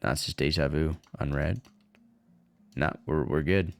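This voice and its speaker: A man's voice: very deep voice, a little slow, gravelly. A man casually commentating on a live stream, swearing and joking, mumbling asides to himself.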